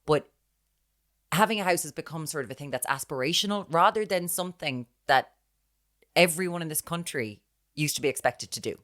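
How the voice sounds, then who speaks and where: Irish woman, very deep voice, chatty podcast co-host, storyteller. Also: brisk. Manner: chatty storyteller, drops to hushed tones when retelling. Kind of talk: casual chat.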